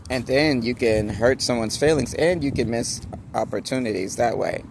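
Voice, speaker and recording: A man giving a casual motivational talk to camera, speaking slowly and deliberately with many pauses and restarts. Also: mid-range voice, creaky, background noise. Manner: slow, deliberate, halting speech with many restarts. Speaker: vlogger.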